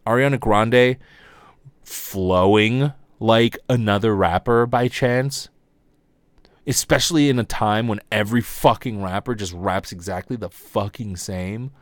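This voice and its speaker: A young man hosting a comedy podcast, ranting casually and profanely, his voice jumping high when he gets exasperated. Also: measured pace, no room sound.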